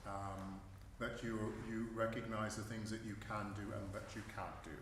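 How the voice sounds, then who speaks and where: A man's voice: on the low side, flat delivery, moderate pace. Man speaking in an echoey hall. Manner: chatty, warm laughter, frequent fillers. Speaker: vocal tutor and researcher. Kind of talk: conversational Q&A at a research forum. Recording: echoey hall, distant mic, faint hiss.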